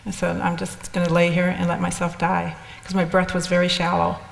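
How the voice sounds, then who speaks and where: Older woman, gravelly voice in an echoey hall. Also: lowish voice, completely flat delivery, brisk. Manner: candid, rambling with restarts. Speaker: speaker sharing experiences. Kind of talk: personal storytelling talk. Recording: echoey hall with long reverb.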